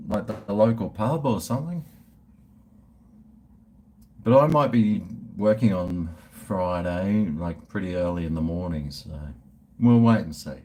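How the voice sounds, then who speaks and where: An Australian man talks casually on a livestream, reading out and answering viewers' comments. His pitch moves around a lot as he rambles, with restarts and trailing thoughts. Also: mellow, a little hiss or hum. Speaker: food reviewer and livestreamer.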